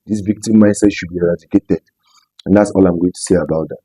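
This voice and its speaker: A man's voice: sits low, fairly even intonation, fast talker, mellow, husky, no echo, poor audio. A Nigerian man giving an emphatic opinion commentary on his vlog, repeating phrases for stress. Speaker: commentary vlogger.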